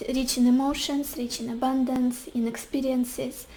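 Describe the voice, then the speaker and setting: A woman giving a tarot reading to camera, talking softly with many pauses and fillers. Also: high voice, level tone, a little hiss or hum, low-quality recording. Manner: soft, searching, often pausing with fillers. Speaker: tarot reader.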